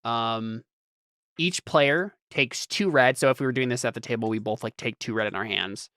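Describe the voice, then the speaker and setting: A man's voice: medium pitch, moderate pace, bright, forceful tone, no room sound. A man running a tabletop game, walking through the rules with plenty of hesitant ums. His voice sits mid-range and sounds close and dry, with no room around it. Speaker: game master.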